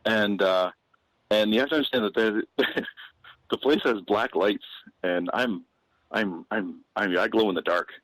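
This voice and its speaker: A man's voice: on the low side, measured pace, a bit bright, dry recording, rough recording. A man, a comedian guest on a podcast, telling a casual anecdote with frequent restarts and fillers.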